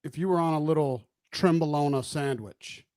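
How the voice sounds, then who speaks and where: A man's voice: on the high side, normal speed, darkish tone, no room sound, clean studio sound. A man joining a podcast as a guest, trading crude jokes in casual chat. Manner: crude joking banter.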